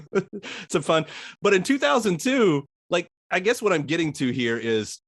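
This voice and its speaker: A man's voice: high-pitched, very animated, unhurried, a bit bright. A man from the Southern US hosting an interview, asking loose conversational questions with restarts. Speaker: podcast host. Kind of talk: casual interview.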